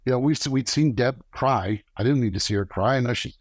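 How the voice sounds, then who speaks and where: A middle-aged man, a guest on a podcast, telling lively stories and acting out the lines of people he quotes. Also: mid-range voice, fairly quick, no echo. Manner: animated storyteller acting out quoted dialogue. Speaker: podcast guest, former camera operator. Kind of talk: casual storytelling interview.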